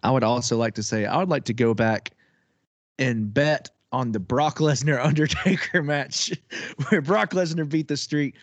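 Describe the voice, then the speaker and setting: Male co-host, excitable and loose, laughs easily, dry close mic. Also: medium pitch, moderate pace, no room sound. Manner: excitable, laughs often, swears casually. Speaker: podcast co-host. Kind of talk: casual chat.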